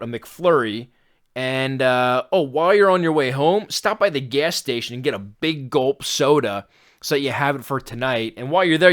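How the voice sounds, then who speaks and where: A man putting on a low, sneering mock voice of an imaginary figure urging someone to eat junk food. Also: fairly bright tone, natural voice.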